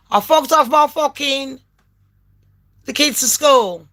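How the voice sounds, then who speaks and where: A woman in her late thirties from England, telling a story in a brash, sweary and animated way and acting out phone calls in voices. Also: high voice, very slow, long pauses. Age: late 30s. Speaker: vlogger. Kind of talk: casual storytelling rant.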